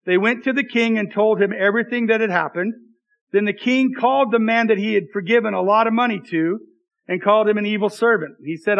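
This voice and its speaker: A man's voice: sits high, a little fast, highs cut off. A man preaching a sermon as pastor, reading scripture aloud and making joking asides to the congregation in a conversational way.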